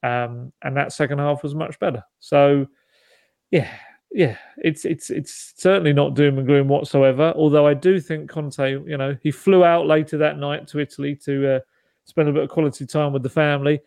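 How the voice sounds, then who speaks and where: A man's voice: a little high, steady tone, normal speed, gravelly, darkish tone, dry recording. A man co-hosting a football podcast, chatting casually with lots of restarts and asides. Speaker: podcast co-host.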